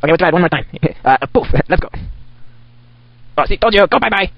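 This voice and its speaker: A gamer plays in character as an insane Santa, cackling and ranting manically over his game commentary. His high, creaky voice races along with lively intonation, broken by long pauses. The dull, lo-fi desktop recording is sped up and has no echo.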